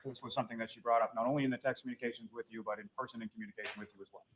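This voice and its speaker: A man's voice: mid-range voice, steady tone, very fast, rough recording. A man in court questioning a witness in a formal manner, calling him sir and dropping in filler uh's. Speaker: trial attorney.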